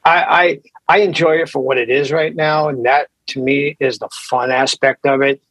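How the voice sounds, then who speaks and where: A man's voice: mid-range voice, fairly even intonation, moderate pace, a bit bright, no echo, low-quality recording. A man drummer guest in casual podcast chat, hesitant and repeating himself.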